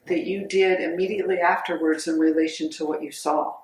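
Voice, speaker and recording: A woman's voice: on the low side, fairly even intonation, brisk. A woman detective questioning a witness with brief, probing questions. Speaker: police detective interviewer. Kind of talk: questioning in an interview. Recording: roomy room with faint background noise.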